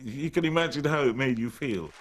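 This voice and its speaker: A man's voice: mid-range voice, fairly quick, heavy background noise. A man in a documentary interview, telling his memories in a reflective, wry way.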